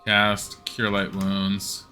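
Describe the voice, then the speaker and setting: A man's voice: on the low side, monotone, very slow, bright, forceful tone, soft background music. A man streaming a game live, giving wry, casual commentary that swears now and then and reads menu choices aloud.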